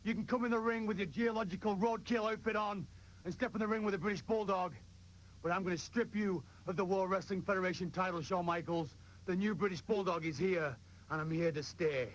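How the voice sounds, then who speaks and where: A man's voice: high voice, brisk, poor audio. A man cutting a boastful, challenging wrestling promo.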